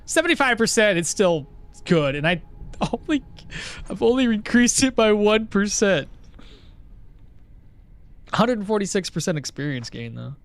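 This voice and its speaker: Here a man gives casual commentary on his live gameplay, talking with his chat as he plays. His voice sits high with big pitch swings, moving at normal speed and pausing often.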